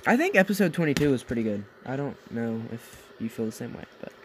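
Chatting casually in a home basement late at night, a young American man co-hosts a podcast at a quick pace in a very animated, medium-pitched voice. He rambles, sounds tired and goofy, and laughs at his own jokes, with poor audio and slight background noise.

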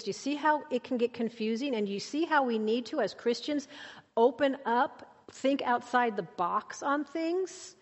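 A woman delivers a sermon in a church, speaking in a slightly high voice. She is emphatic and conversational, and her voice climbs to high exclamations. A long reverb trails her words through the hall. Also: unhurried, highs cut off. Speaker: preacher.

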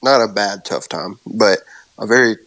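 A man in his thirties in a casual faith chat, speaking haltingly and openly about his worries, anxious. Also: lowish voice, fairly bright tone, no room sound, poor audio. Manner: halting, open about worry. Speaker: co-host.

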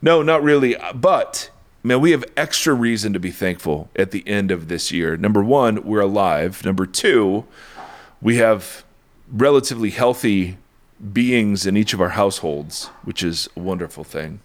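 A man's voice: on the low side, lively intonation, moderate pace. Tired, joking male podcast co-host. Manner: playful, self-deprecating, rambling. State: tired after a booster shot. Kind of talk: casual chat.

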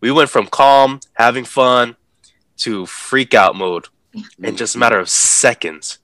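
A man telling a story in a relaxed, animated way, acting out the people in it and laughing as he talks. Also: medium pitch, measured pace, dry recording. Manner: animated, acts out the voices of people in his story; laughs while talking. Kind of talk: casual storytelling.

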